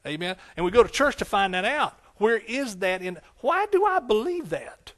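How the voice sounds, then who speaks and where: High-voiced preaching pastor. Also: male voice, sing-song, moderate pace, fairly bright tone. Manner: preaching with call-and-response questions to the congregation; repetitive, emphatic phrasing. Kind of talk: sermon.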